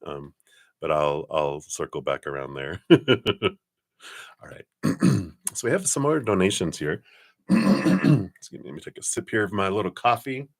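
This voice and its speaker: A middle-aged man hosting a live card-reading stream, chatting casually, often chuckling and clearing his throat. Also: low voice, big pitch swings, measured pace.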